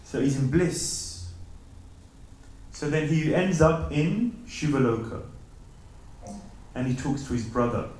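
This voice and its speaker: A man's voice: fairly high pitch, slow, pauses often. Man telling a story in an echoey temple. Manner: animated storyteller, acts out voices of characters. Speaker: lecturer. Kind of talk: temple morning lecture, storytelling. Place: temple hall. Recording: very echoey hall, mic at a distance.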